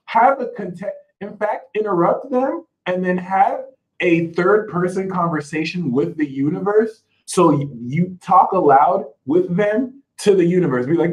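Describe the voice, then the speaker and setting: A man's voice: high voice, normal speed, rough recording. A man speaking as an astrology reader, giving spiritual advice in an emphatic, sassy way and mocking imagined critics in put-on voices.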